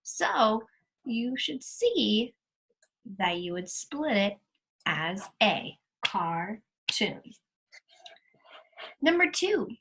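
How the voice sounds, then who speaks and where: A woman's voice: a little high, fairly bright tone, breathy edge, poor audio. A woman teacher patiently walking students through their worksheet answers step by step, recorded while sharing her screen. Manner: slow, patient, explaining step by step. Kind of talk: recorded lesson walkthrough. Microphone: screen-share recording.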